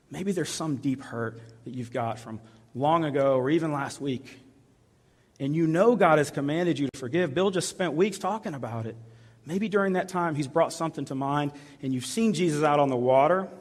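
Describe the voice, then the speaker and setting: A male pastor delivers an earnest sermon in a slightly higher voice. He repeats his appeals and often drops to a soft, hushed delivery. The sound carries a long reverb from a large church hall. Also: animated, moderate pace.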